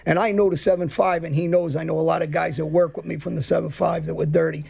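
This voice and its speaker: A man's voice: on the high side, flat delivery, quick pace, creaky, darkish tone, breathy edge. A middle-aged man hosting a casual interview, talking blunt street talk in a rambling way. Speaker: host.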